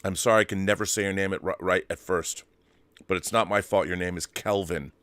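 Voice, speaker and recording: A man's voice: sits low, steady tone, brisk, fairly bright tone, dry recording. A man hosting a live stream, chatty and joking as he reads out viewer messages. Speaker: host. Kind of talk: casual live-stream chat.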